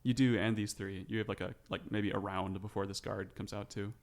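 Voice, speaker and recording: A man with a lowish voice narrating as game master of a tabletop game. He describes scenes in a relaxed, chatty way, full of fillers and asides. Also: fairly quick.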